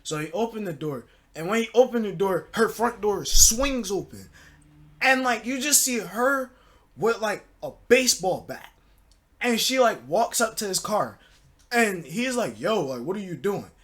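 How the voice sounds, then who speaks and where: A young man tells a story time in a relaxed, slang-heavy way, filling his pauses with little verbal fillers. His voice sits a bit higher than most men's. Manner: loose slang-filled talk with many fillers. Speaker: storytelling channel host. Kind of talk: casual story time narration.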